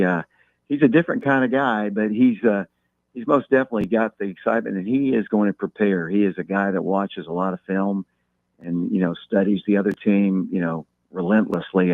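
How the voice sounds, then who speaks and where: A man calling in as a guest, talking football in a measured way and repeating words as he thinks. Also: on the low side, dry recording. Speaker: guest talking local high school football. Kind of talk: phone-in interview. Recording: tinny phone line.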